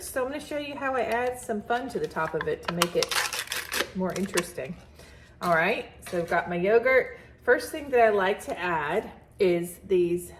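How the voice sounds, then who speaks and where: A woman's voice: mid-range voice, a little hiss or hum. Chatty woman with a morning voice. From Southern US. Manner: chatty and friendly, laughing often. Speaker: vlogger. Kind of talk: casual chat to camera. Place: farmhouse kitchen.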